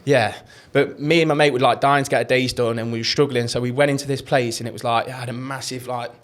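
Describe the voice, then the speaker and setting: A man's voice: mid-range voice, fairly even intonation, fast talker. A young man, rambling through travel stories in casual podcast chat and swearing freely. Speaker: podcast co-host.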